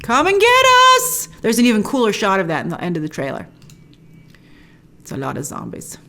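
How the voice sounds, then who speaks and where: A woman hosting a trailer breakdown show in casual commentary, chatty and enthusiastic, often jumping into high excited remarks.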